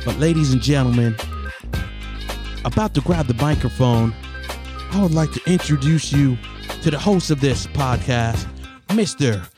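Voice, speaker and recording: A man's voice: mid-range voice, measured pace, pauses often, over music, close to an everyday voice. A man putting on the voice of a showy male hype-man announcer, drawing out his words in stagey style. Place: home closet.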